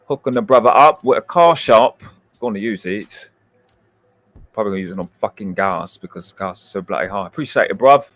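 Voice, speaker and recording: A man's voice: on the low side, animated, moderate pace, fairly bright tone, no room sound. A man with a British accent hosting a livestream, giving brash, profane and boastful commentary into a close mic at home. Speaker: livestream host.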